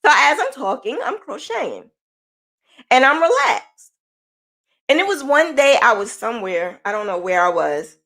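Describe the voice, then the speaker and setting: A woman's voice: fairly high pitch, sing-song, normal speed, pushed and bright. Candid woman telling a personal story. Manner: candid, conversational, shifting pace. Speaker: podcast host.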